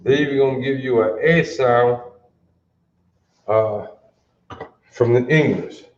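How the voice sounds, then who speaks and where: Slow, deliberate man teaching letters. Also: mid-range voice, noisy background. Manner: slow and deliberate, quizzing listeners with questions. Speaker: language teacher. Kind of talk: classroom lesson on an alphabet. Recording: roomy, dull lo-fi sound.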